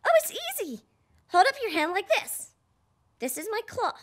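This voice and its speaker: A woman voicing a chatty, excitable little boy puppet who hosts a children's show and talks straight to the viewer. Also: extremely high pitch, normal speed. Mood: playful. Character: playful little boy puppet, pre-school vlogger.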